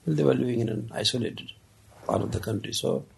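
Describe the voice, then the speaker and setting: A man telling a parable in an unhurried, conversational way, with many casual asides. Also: mid-range voice, animated, vocal fry, slightly rough. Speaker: storyteller. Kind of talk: casual spoken storytelling of a parable.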